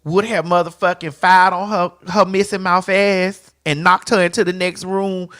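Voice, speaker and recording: A talk show host speaking in an animated, emphatic way, repeating phrases and swearing. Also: female voice, on the low side, moderate pace. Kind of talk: casual chat, heated commentary.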